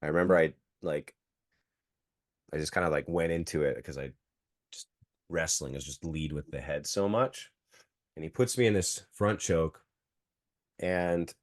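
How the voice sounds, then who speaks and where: A man's voice: low voice, lively intonation, normal speed, pauses often, no echo, studio quality. A man in his thirties, a jiu-jitsu coach and podcast guest, telling a story casually with lots of "like" fillers. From Canada. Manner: filler-heavy, acts out quotes.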